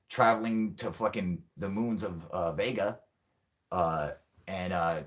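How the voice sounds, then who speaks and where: Angry, profane man ranting. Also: fairly low pitch. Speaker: channel host. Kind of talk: livestream rant with chat.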